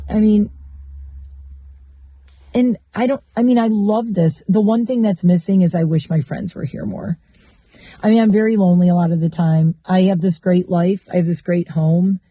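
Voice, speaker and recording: A woman with a very dark, mellow voice muses openly about her life in a confessional vlog. She rambles and circles back on her thoughts in a candid, reflective way. The sound is close and dry, with no room around it. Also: fairly low pitch, no echo. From Michigan. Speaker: vlogger.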